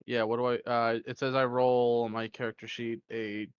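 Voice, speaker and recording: A man at a mid pitch playing a tabletop game. He is unsure and keeps asking what to roll. His voice is recorded dry on a dull, lo-fi mic. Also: level tone, normal speed, smooth, no room sound. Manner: unsure, asks about the rules. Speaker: player. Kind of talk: casual tabletop play over voice chat.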